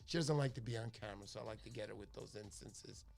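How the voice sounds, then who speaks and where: A man's voice: on the low side, fast talker, gravelly. Chatty New man hosting a stream. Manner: chatty, excitable, thanks viewers by name. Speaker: livestream host. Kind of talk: casual fishing chat.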